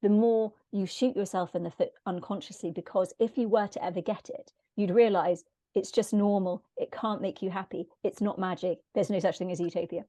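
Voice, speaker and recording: A woman in a podcast conversation, talking in a reflective, philosophical and measured way. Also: medium pitch, steady tone, dark tone, dry recording.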